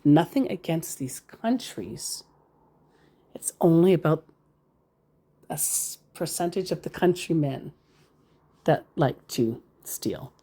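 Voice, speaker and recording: A woman's voice: deep voice, expressive, slow pace, long pauses, mellow, slightly rough. A woman giving casual, sarcastic commentary as she reads out messages from scammers, rambling into asides. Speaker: scambaiter reading scam chats.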